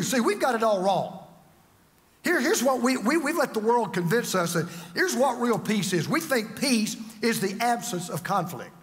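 A man preaching a sermon as pastor, swinging from forceful lines to hushed, drawn-out words. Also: sits high, long reverb tail.

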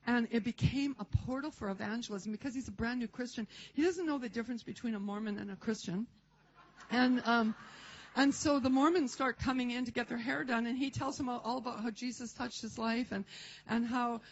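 A woman preaching a testimony, telling stories in an animated way and acting out the voices of the people in them. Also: fairly high pitch. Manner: animated storytelling, acts out voices and laughs. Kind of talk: testimony sermon. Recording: dull lo-fi recording.

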